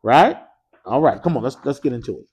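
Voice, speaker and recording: A man's voice: medium pitch, lively intonation, fairly quick, darkish tone, slightly rough. A man teaching an Arabic grammar class in a mosque classroom. He speaks with energy, keeps quizzing his students with "what?" prompts and drops casual slang.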